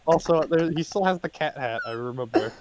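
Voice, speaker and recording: A man playing a tabletop game, joking around in quick, giggly banter. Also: on the high side, expressive, very noisy. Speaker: player. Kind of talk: casual tabletop game chat.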